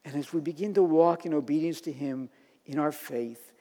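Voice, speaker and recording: Male pastor, sermon delivery, fairly high voice, rising to emphatic declarations, church hall echo. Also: moderate pace, mellow.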